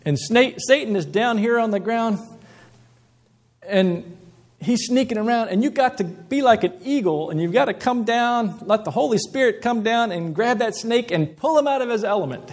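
A male preacher putting on the voice of an exuberant, cheerful African coworker and telling his lively illustration with emphasis. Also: very high-pitched, moderate pace, voice pushed up. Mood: enthusiastic.

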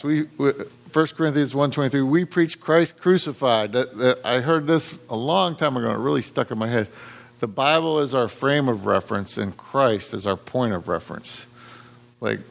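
A middle-aged man preaches in a loose, conversational way, his voice gravelly with a lot of fry. He circles back over his words and reads verses aloud between his thoughts. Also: mid-range voice. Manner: conversational, repeats words, quotes scripture. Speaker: pastor. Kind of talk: sermon.

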